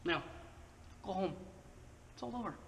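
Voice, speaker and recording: A man's voice: high-pitched, animated, normal speed, vocal fry, a bit bright. A man hosting his own motorcycle channel, talking casually through a how-to with chatty, joking asides. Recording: distant echoey mic, faint noise.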